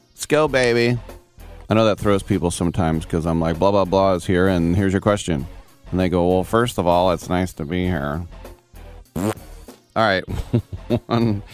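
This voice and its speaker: A man hosting a live sports talk radio show, loose and joking, jumping quickly from one topic to the next. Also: low voice. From San Francisco Bay Area.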